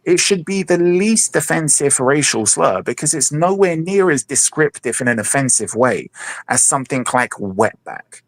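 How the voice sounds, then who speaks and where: A man's voice: a little high, lively intonation, moderate pace, no room sound. A man explaining things at length in a casual podcast discussion, with many hesitant restarts.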